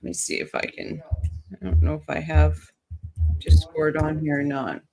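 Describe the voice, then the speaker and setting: A woman's voice: sits low, expressive, normal speed, creaky, mellow. A woman hosting a true crime livestream, chatting casually with viewers and reading their comments while coming down with a cold.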